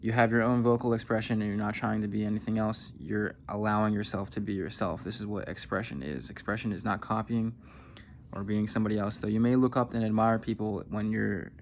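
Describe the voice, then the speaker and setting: Male voice coach, lowish voice, steady instructive delivery; faint hiss behind. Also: a little fast. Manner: instructive, demonstrating sounds. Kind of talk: vocal warm-up lesson.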